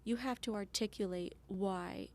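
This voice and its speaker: A woman's voice: mid-range voice, measured pace, darkish tone. A woman from Ontario with a Canadian accent, a police officer telling her story earnestly as an interview guest. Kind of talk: casual interview chat.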